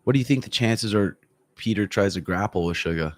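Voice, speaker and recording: A man who works as a fight coach, chatting casually on a livestream and answering viewer comments in a relaxed, profane way, often clearing his throat. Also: fairly low pitch, fairly quick, no echo. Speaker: MMA coach. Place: room at home.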